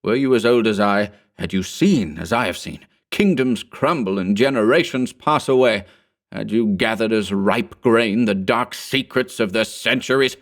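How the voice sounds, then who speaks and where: A man voicing an ageless male sorcerer who rants scornfully in a high, archaic, cackling voice. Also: animated, moderate pace. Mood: raving scornful. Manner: ranting, contemptuous.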